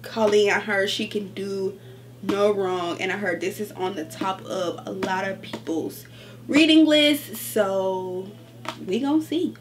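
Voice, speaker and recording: A woman chatting casually about her book haul, animated and gushing, calling her viewers y'all. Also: mid-range voice, measured pace. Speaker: book vlogger.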